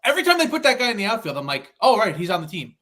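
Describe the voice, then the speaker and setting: Male co-host, rapid animated talker, high voice. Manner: quick, animated arguing. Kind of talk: casual sports chat.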